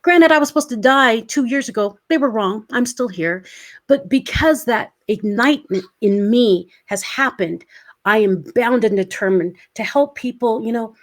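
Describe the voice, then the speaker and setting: In an interview, a motivational speaker in her forties recounts her own story at a moderate pace, her voice on the high side. Her delivery is earnest and full of emotion, and she voices her past words as if reliving them.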